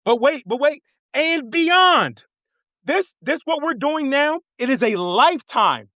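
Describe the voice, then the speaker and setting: Fired-up man, high bright voice. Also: big pitch swings, slow pace, no room sound. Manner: passionate, repeats himself, swears. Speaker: congressional candidate guest. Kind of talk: fired-up casual talk.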